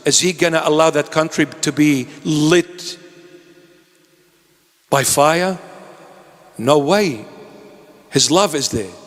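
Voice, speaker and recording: A man's voice: fairly high pitch, takes it slowly, pauses often, a bit bright, long reverb tail. A man preaching a sermon, pleading and impassioned, breaking into joking asides.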